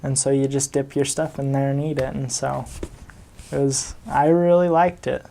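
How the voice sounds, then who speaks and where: A man's voice: mid-range voice, little pitch movement, normal speed, vocal fry, dark tone, a little hiss or hum. A young man from the United States, a returned missionary, casually telling stories with chuckles and fillers. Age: young adult. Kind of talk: casual storytelling.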